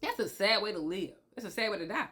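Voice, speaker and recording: A woman's voice: mid-range voice, lively intonation, quick pace, bright, forceful tone. A woman giving relationship advice straight to camera, repeating her points emphatically and checking in with "okay?". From Tennessee. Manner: emphatic and repetitive, asks okay often. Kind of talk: motivational monologue to camera.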